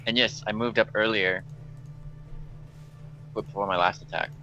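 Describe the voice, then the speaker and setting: A man's voice: lowish voice, steady tone, measured pace, pushed and bright, faint music behind. A man playing a tabletop game, blunt and dry. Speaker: player. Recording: dull, lo-fi mic.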